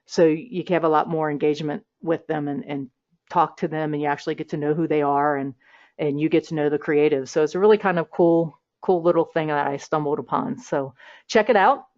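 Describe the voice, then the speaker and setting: A woman's voice: low-pitched, steady tone, a little fast, a little mellow. A woman hosting an interview in casual chat, talking freely with frequent laughs and restarts over a video call. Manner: chatty, laughs often, many restarts and fillers. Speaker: host. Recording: slightly dull, muffled audio.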